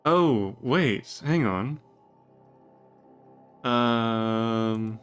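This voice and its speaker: A man's voice: mid-range voice, expressive, very slow, a bit bright, clean tone, soft background music. A man casually commenting while playing an adventure game, hesitant and mumbling. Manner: hesitant, mumbling, laughs to himself. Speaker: let's play gamer.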